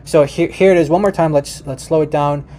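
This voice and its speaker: Guy talking to his viewers like a casual lesson, mellow tone, lots of um and restarts. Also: fairly high pitch, fairly even intonation, a little hiss or hum. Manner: many fillers and restarts, addresses viewers as you guys; repeats words slowly for the listener. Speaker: presenter teaching about Aramaic. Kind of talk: casual explanatory talk to viewers.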